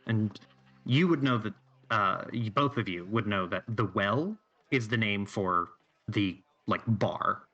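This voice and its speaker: Male game master, low and unhurried, halting delivery, soft background music. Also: muffled recording. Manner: slow, hesitant, with many fillers. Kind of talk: narrating a tabletop game.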